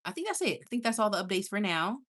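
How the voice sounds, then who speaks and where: A woman's voice: mid-range voice, very animated, quick pace, fairly bright tone. A woman hosting a casual livestream, chatty and affectionate, laughing often. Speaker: livestream host.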